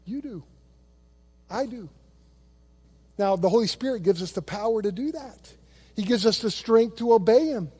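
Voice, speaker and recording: A man preaching a sermon as pastor, telling stories with many restarts and quick impressions of other people. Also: high-pitched, breathy edge. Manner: animated storytelling with repeated restarts; imitates other voices in quotes.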